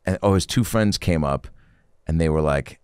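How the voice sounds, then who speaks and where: A man's voice: extremely low pitch, moderate pace, a little mellow, clear, resonant tone, no room sound, clean studio sound. A man casually recapping a movie with a friend, laid-back and profane, often slipping into silly voices.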